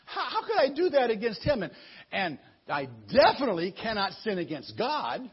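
A man's voice: sits high, huge pitch swings, moderate pace, husky, full character voice. A man voicing young Joseph in an emphatic, protesting way while telling a Bible story, in a muffled lo-fi recording.

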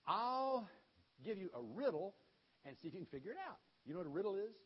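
A man playing a brash, boastful young strongman, speaking playfully in a husky voice, on a dull recording. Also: sits high, sing-song, quick pace, pitched above the performer's own voice, full character voice.

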